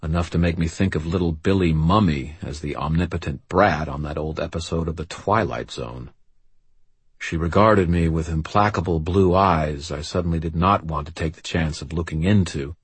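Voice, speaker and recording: A man reading a first-person novel aloud as an audiobook narrator, in a measured, wry storytelling manner. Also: a bass voice, slightly rough, no echo.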